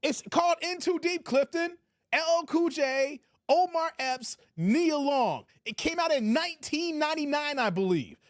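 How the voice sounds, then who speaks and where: A man talks in a lively, animated way, his pitch rising and falling constantly as he jokes and reads out chat. His voice sits in a middle register and is recorded very dry and close. He keeps repeating his catchphrases in a casual streaming style. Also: moderate pace, no room sound. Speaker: reaction streamer. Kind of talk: casual live commentary reading chat.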